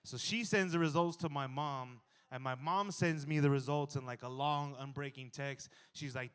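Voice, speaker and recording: A man in his thirties performing a stand-up comedy set, animated and jumping to loud exclaiming in the acted-out bits. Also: medium pitch, moderate pace, hardly any pauses, smooth. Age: 30s.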